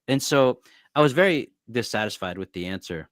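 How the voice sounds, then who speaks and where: A man telling a personal faith story in a relaxed, reflective way over a video call, with frequent fillers and restarts. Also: mid-range voice, a little fast. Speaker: former monk, podcast guest or host. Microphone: video call over unstable internet.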